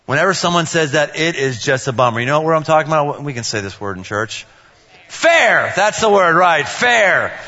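A middle-aged man preaching a sermon, playful and animated, acting out family scenes with big swings in his voice. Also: long reverb tail, lo-fi sound. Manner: animated, playful, acts out dialogue with big pitch jumps. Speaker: pastor.

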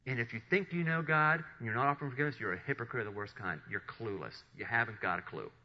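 A man preaching a sermon, retelling Bible stories with animated storytelling and acted-out voices. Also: medium pitch, quick pace. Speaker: pastor. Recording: dull lo-fi sound.

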